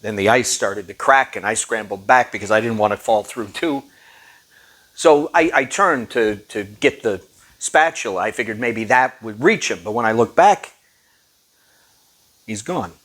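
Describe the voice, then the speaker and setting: A man performing a dramatic monologue, telling a story in a halting, subdued way. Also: lowish voice, a bit bright.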